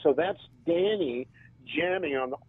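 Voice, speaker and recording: A man, a band drummer and interview guest, telling stories in a casual and animated way and laughing often. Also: fairly high pitch, unhurried, noisy background. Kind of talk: casual storytelling. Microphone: phone. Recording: tinny phone line.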